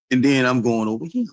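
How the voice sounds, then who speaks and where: In casual livestream talk, a man with a mid-range voice speaks to his audience, repetitive, preachy and animated, with frequent laughter. The audio is poor, with no room sound.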